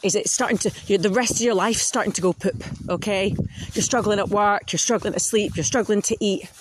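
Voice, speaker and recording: A woman's voice: medium pitch, a little fast, background noise. A woman hosting a podcast, talking frankly in a casual monologue and swearing freely. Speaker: podcast host.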